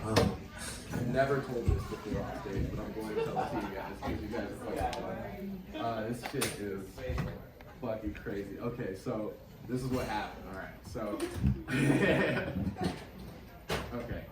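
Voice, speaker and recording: A man's voice: fairly low pitch, measured pace, long pauses, very noisy. A man doing stand-up, telling a wild profane story and acting out shrieking characters. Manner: animated, loud, profane, acts out shrieking characters. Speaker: stand-up comedian. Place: comedy club stage. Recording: roomy club from a distance with crowd. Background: audience laughter.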